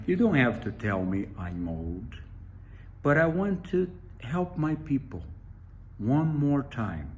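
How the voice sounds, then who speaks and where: A man voicing a tiny, kind and determined old grandmother spider with a small squeaky voice in a told story. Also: very animated, slow pace. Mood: firm.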